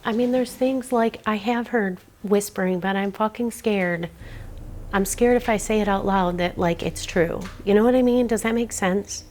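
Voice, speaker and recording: A woman's voice: mid-range voice, moderate pace, darkish tone, a little hiss or hum. A frightened woman in casual interview, talking in a rambling, nervous way and swearing often. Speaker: homeowner reporting a haunting.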